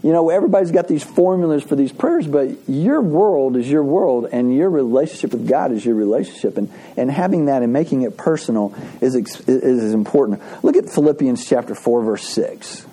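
A pastor giving a conversational sermon, telling folksy stories with frequent restarts and asides. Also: male voice, mid-range voice, lively intonation, a little fast, few pauses, mellow, husky. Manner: folksy storytelling with laughs and restarts.

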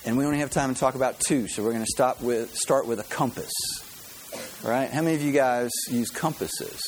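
A man's voice: medium pitch, a little fast, a little hiss or hum. A man giving a conversational sermon to a congregation, acting out the voices of the people he quotes. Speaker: pastor.

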